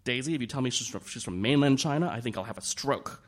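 A man's voice: mid-range voice, expressive, fast, pitched above the performer's own voice, natural voice. A man voicing an indignant, easily alarmed middle-aged society mother in a raised voice.

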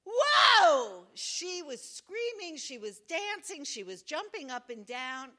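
A woman's voice: high voice, sing-song, measured pace, fairly bright tone. A woman telling a wry, self-deprecating personal story at a live storytelling event, acting out the voices she quotes.

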